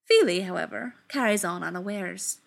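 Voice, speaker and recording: A woman reading a story aloud in an expressive, unhurried way. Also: medium pitch, creaky.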